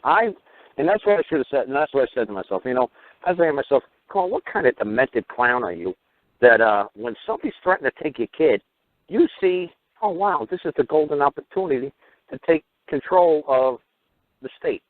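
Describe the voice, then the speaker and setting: A man's voice: medium pitch, expressive, a little fast, no room sound. A man hosting a call-in radio talk show, ranting in a profane, rambling way. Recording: dry, phone-like sound.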